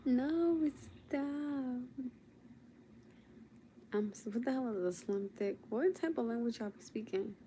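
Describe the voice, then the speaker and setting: A young woman livestreams late at night from her bed at home, chatting casually with viewers, sleepy and teasing and laughing often. Her voice is a little high, mellow and animated, brisk with hardly any pauses, over slight background noise.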